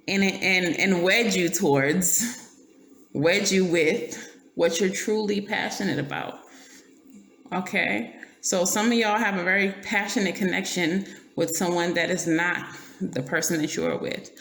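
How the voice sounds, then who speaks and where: A woman's voice: fairly low pitch, vocal fry. A woman giving a casual tarot reading, blunt and profane, laughing often and checking in with "okay?". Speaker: tarot reader. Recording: roomy echo, faint noise.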